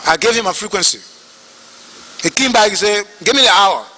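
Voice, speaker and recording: Man, Liberian English accent, testimony, very high voice, sharp bright tone, long hall reverb. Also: fairly quick. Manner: animated, acts out quoted dialogue. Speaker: witness testifying at a hearing. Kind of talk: storytelling testimony.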